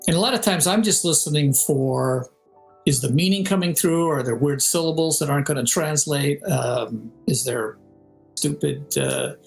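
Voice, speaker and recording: His voice is a little high and gravelly, delivered at normal speed. The older game composer and audio director is being interviewed informally by video call, energetically telling stories, singing melodies and mimicking voices. Faint music sits behind poor-quality audio.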